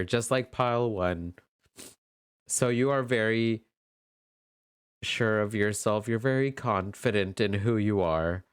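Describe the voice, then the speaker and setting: A man giving a gentle, affirming pick-a-card tarot reading, tearful and emotional as he talks. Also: medium pitch, clean tone, no echo, clean studio sound. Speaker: tarot reader.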